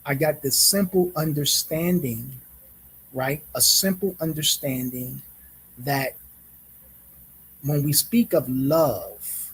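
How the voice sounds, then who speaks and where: A man hosting a reflective monologue, speaking in a measured way, repeating phrases and often checking in with "right?". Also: mid-range voice, husky, rough recording. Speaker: host.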